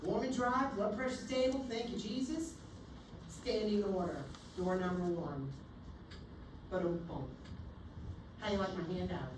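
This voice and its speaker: Woman, nursing instructor, animated and theatrical, roomy classroom recording, distant mic. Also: medium pitch, normal speed, background noise. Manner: animated, theatrical, acts out scenarios. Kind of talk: classroom lecture. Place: lecture room. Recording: echoey room, recorded from afar.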